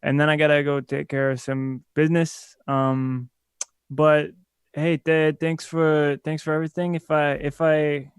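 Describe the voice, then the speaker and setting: A famous boxer trying to lie low, as a man acts him out, hesitant and apologetic, tripping over his sentences. The voice is a little high and gravelly, yet smooth and clear. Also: little pitch movement, measured pace, no echo, studio quality. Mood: friendly.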